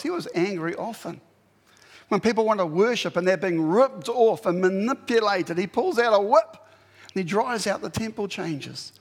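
Man preaching, high-pitched, gravelly, blunt exhortations, long hall reverb. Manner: blunt and exhorting, with plain commands. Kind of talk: sermon.

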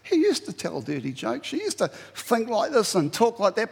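A man preaching a sermon as pastor, earnest and pleading, climbing sharply in pitch when he presses a point. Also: big pitch swings, moderate pace, gravelly, few pauses, breathy edge. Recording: long hall reverb.

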